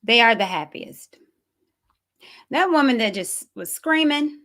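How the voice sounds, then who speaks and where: A woman's voice: high voice, very animated, normal speed, a bit bright. A woman hosting a show, giving sassy, casual commentary and talking back to clips. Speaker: host reacting to clips.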